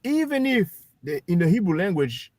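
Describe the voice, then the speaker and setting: A man hosting a livestream, calmly explaining history and addressing his listeners as brothers and sisters. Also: high voice, normal speed, no echo. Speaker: livestream host. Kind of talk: casual history discussion.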